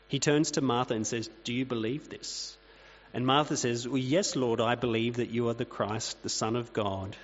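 A man's voice: mid-range voice, a bit bright. Man preaching plainly in a reverberant hall. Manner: conversational, plain-spoken preaching with asides. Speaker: pastor. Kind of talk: sermon. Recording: dull reverberant hall recording with mains hum.

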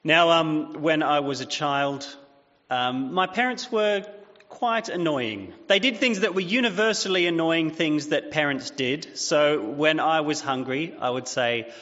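A man in his thirties preaching a sermon in a loose, story-driven way, dropping fillers as he goes. His voice sits a little high. It carries a long echo off a hall and has a muffled, dull tone. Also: lively intonation, measured pace, pushed and bright. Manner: chatty, self-deprecating storytelling with fillers. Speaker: pastor.

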